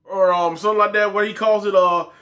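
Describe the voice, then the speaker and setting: A young man hosting a wrestling review in excited casual talk, exclaiming often and trailing off mid-sentence. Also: sits high, fast talker.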